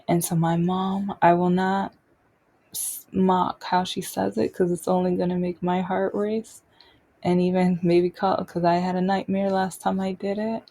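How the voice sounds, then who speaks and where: Telling a personal story off the cuff, this woman hosts a podcast and speaks in a husky, gravelly, dark voice. She keeps a largely flat pitch while stopping and restarting her halting sentences.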